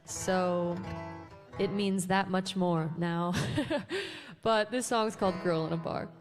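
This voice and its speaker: A woman's voice: on the low side, steady tone, slow. Young female songwriter, easygoing and self-deprecating, on a stage mic in a reverberant church hall with music underneath. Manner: casual, self-deprecating, laughs often, many "um" and "like". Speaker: singer-songwriter. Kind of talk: chatty storytelling between songs at a live show. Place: church hall with a live audience.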